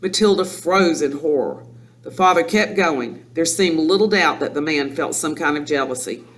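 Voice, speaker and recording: A man reading a children's novel aloud in an expressive, lively storytelling manner. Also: fairly high pitch, normal speed. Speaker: audiobook reader. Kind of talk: storybook narration.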